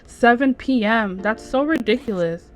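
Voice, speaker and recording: A woman's voice: a little high, moderate pace, close to an everyday voice. A woman voicing a rebellious, spoiled teenage daughter who complains about strict rules. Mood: complaining. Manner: whiny, complaining.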